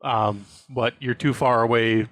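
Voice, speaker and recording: A man's voice: mid-range voice, steady tone, a little slow, a bit bright, no echo. A man narrating as game master of a tabletop role-playing game, easygoing, with fillers.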